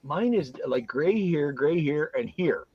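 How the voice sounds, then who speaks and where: A man's voice: a little high, expressive, a little slow. A middle-aged Canadian man with a Canadian accent hosting a casual, joking chat. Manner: easygoing, joking banter. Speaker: host. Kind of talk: casual chat on a group video stream. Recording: dry, dull lo-fi audio.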